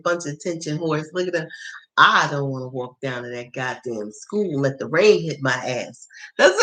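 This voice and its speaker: A woman's voice: deep voice, animated, unhurried, pauses often, a bit bright, low-quality recording. A woman hosting a casual livestream, telling stories bluntly with a lot of swearing and laughter, acting out her own past remarks in quoted voices. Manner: blunt, profane storytelling with frequent laughter. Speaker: tarot channel host.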